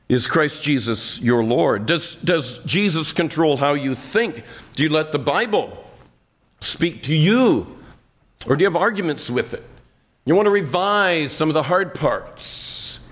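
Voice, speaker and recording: A man's voice: a little high, lively intonation. A man preaching a sermon, earnest and repetitive, sometimes voicing a listener's objections in the first person. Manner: slow, deliberate delivery with repeated phrases.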